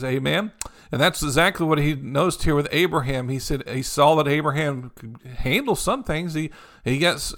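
A man's voice: mid-range voice, vocal fry, a bit bright. A man preaching a sermon in a conversational, repetitive style, dropping in frequent amens and "you know.". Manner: repetitive, encouraging cadence. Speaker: pastor.

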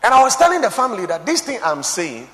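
Man, preacher, sermon, high voice, very animated delivery, shouts and hushed drops, long hall reverb. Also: fast. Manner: preaching with sudden shouts and quiet drops, quoting scripture.

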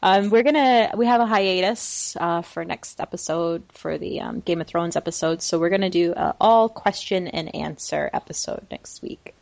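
A woman hosting a casual podcast chat, breezy and quick to laugh, running the segments. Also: lowish voice, vocal fry, a little mellow, no room sound. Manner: breezy, laughing, runs the show. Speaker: podcast host.

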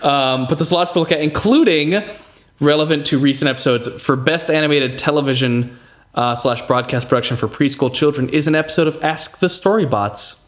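A man's voice: fairly high pitch, fairly quick. A man hosting a podcast in casual chat, who laughs easily and reads out lists. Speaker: podcast host.

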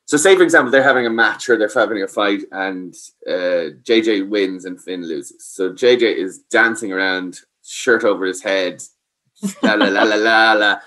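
A man's voice: on the low side, moderate pace, few pauses, a bit bright. A man giving parenting advice, explaining patiently and checking that the listener follows. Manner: explains patiently, asks "does that make sense?". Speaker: parenting expert. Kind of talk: advice talk.

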